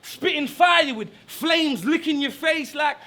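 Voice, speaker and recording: High sharp-voiced guy spitting slow taunting battle bars, shouting the punchlines. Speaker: battle rapper. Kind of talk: live rap battle verses.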